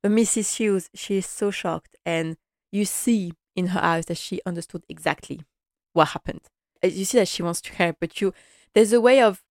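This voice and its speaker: A woman's voice: on the low side, normal speed, darkish tone, no room sound, studio quality. A woman giving a casual, impassioned and rambling recap of a TV episode.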